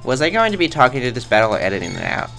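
A man's voice: medium pitch, very animated, racing, creaky, a bit bright, soft background music. A man rambling through casual game commentary in a goofy, self-mocking way, tossing in silly sound effects. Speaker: let's play host.

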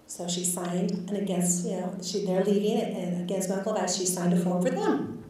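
A woman physician recounts a patient case to a class in a candid, reflective way, with a mellow, soft-toned voice and plenty of filler words. She is picked up from a distance in an echoey lecture hall, with faint room noise behind her. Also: mid-range voice, steady tone, fairly quick. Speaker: physician guest speaker. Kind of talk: storytelling in a lecture.

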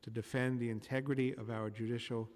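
A man chairing a council hearing reads his formal opening remarks in a steady, measured way. His voice is at a middle pitch, carried by a long hall reverb. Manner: steady, reading prepared remarks. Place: council committee room.

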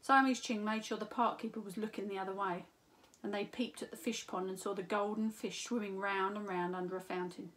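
A woman, a school teacher, reading a children's story aloud in an expressive, unhurried way. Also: medium pitch.

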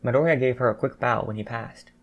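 A man narrating a fan fiction audiobook in a steady storytelling voice. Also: medium pitch, fast talker, highs cut off.

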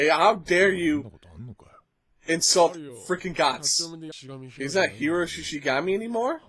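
A man's voice: a little high, a bit bright. A man hosting an anime reaction, talking casually with frequent gasps, exclamations and slangy asides.

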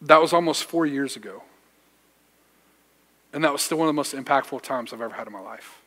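A man's voice: mid-range voice, fairly quick, fairly bright tone. A young man, a youth pastor preaching a sermon, telling a personal story in a casual, slangy way with self-deprecating humor. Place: church sanctuary. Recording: church hall reverb.

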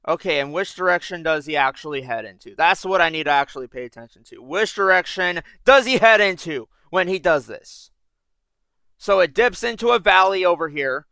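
A man's voice: on the high side, sharp tone, dry recording. A young man giving casual gameplay commentary, thinking aloud, getting frustrated and swearing often. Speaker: gaming YouTuber.

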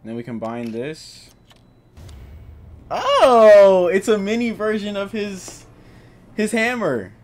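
A young man narrating his own gameplay, joking around and shouting when he gets startled. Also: sits high, a little slow. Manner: jokey, excitable, yells when startled. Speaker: gaming YouTuber. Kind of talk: let's play commentary.

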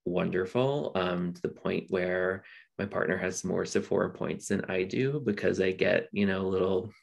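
A man's voice: sits low, steady tone, moderate pace, gravelly. A man on a panel, sharing personal stories thoughtfully with many ums, over a video call mic.

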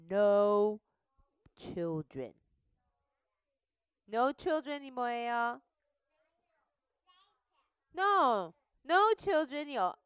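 A woman teaching a Bible lesson to young children, asking questions and having them repeat words slowly. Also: fairly high pitch, clear, resonant tone, no room sound, studio quality. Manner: animated, slow and questioning, prompts children to repeat. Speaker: Sunday school teacher. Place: studio.

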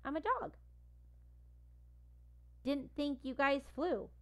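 A woman's voice: high voice, steady tone, takes it slowly, a bit bright. A small, nervous male dog from a storybook talks casually and plainly, voiced by a woman reading aloud. He sounds honest and a little shaken.

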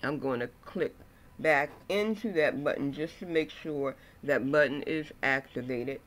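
A man with a fairly high voice teaches a software tutorial at an unhurried crawl. He narrates every click step by step, sprinkling in okays and ums as he goes, sounding like a patient instructor. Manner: slow step-by-step walkthrough with frequent okays and ums. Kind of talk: screen-recorded software tutorial.

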